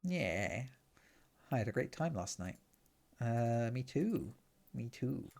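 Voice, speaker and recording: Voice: medium pitch, sing-song, takes it slowly, vocal fry, darkish tone. A streamer chatting playfully while playing through a dating game. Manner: bubbly, chatty, playful asides. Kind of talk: casual gameplay commentary. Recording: faint background music.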